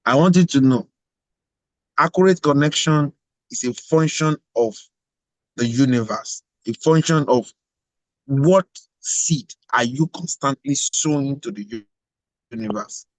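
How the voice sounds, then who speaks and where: A man's voice: mid-range voice, lively intonation, a little slow, long pauses, dry recording, low-quality recording. A man giving an emphatic motivational address, full of repetition and rhetorical questions. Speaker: global president of organization.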